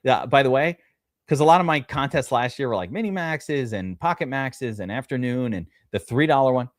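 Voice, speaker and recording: A man's voice: mid-range voice, no echo, clean studio sound. A man hosting a live fantasy football draft stream, chatting loosely with viewers, reading out their names and swearing casually. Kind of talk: casual livestream chat.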